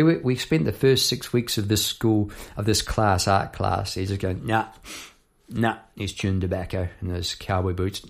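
A man's voice: on the low side, creaky. A man, a songwriter hosting an episode, explains his lyrics in a chatty, rambling way with many asides and tag questions. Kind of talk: casual explanation of song lyrics.

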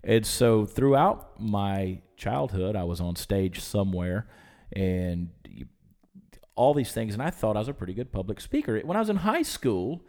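A man from Georgia with a softened Southern accent, telling stories in a casual podcast chat into a studio mic. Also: fairly low pitch. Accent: muted Southern US. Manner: storytelling, animated, quick to laugh. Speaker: podcast guest. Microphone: studio microphone with headphones.

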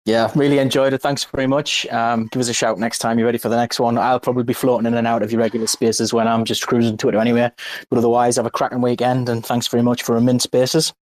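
A man chatting as a guest on an online audio space, easygoing and quick to laugh. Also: mid-range voice, level tone. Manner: friendly, easygoing, laughs readily. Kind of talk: casual chat on an audio space.

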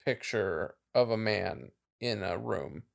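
A man's voice: on the low side, slow, vocal fry. A man co-hosting a podcast in casual chat, laughing often and trailing off into fillers. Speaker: podcast co-host.

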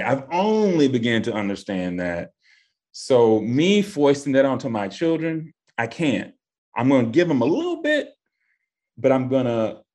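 A man, answering interview questions with passion and emphasis. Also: darkish tone. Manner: passionate, emphatic, voice rising high when stressing points. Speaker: guest. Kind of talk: impassioned interview talk.

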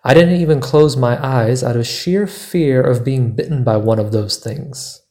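A man hosting a podcast, narrating a personal travel story in a measured, deliberate way. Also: mid-range voice, darkish tone. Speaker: podcast host.

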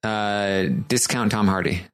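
A man's voice: lowish voice, fairly even intonation, a little slow, a bit bright, clear, resonant tone. A man co-hosting a casual movie podcast, talking in a dry, wry, offhand way. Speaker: podcast co-host. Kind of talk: casual chat.

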